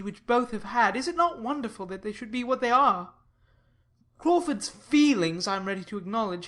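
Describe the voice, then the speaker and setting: A woman reads the part of a sober, earnest young gentleman in a classic audiobook. He speaks in a measured, persuasive way, his voice pitched a little high. It is plain storybook reading rather than a put-on character voice.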